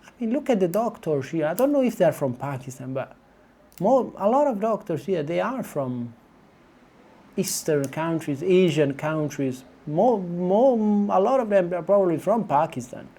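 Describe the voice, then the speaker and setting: Italian man, native speaker, vlogging from his kitchen to a tripod camera; mellow, warm tone, exasperated rant with frequent restarts. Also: high-pitched, normal speed. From Italy. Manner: animated, exasperated, many restarts. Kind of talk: casual ranting vlog to camera. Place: home kitchen. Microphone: camera on small tripod.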